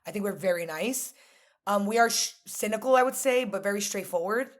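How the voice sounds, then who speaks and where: A woman's voice: medium pitch, a little fast. Blunt New woman telling stories. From New York. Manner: animated storytelling, blunt and frank. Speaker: podcast guest. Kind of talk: casual conversation.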